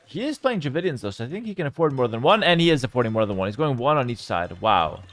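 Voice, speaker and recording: A young man casting a strategy game live and chatting with his viewers, with sudden bursts of excitement. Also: medium pitch, fast, few pauses, no echo. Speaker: game streamer and caster. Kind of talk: live game commentary with chat.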